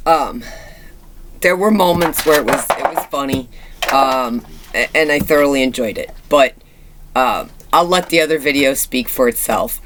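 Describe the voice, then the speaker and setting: A woman's voice: a bass voice, fairly bright tone. A woman in her thirties talking casually in a personal vlog, chatty and candid, with many fillers and restarts. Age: 30s. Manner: candid and reflective. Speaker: vlogger.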